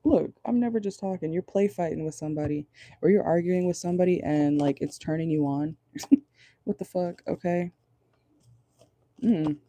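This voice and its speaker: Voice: medium pitch, normal speed, pauses often, warm tone, no echo. Blunt, profane tarot reader in a car. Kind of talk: casual channeled tarot reading. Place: parked car.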